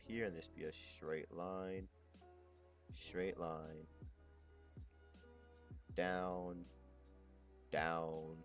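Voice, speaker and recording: Low-voiced man rambling while drawing. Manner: rambling, muttering to himself, crude slang. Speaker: streamer drawing on stream. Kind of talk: casual chat while drawing.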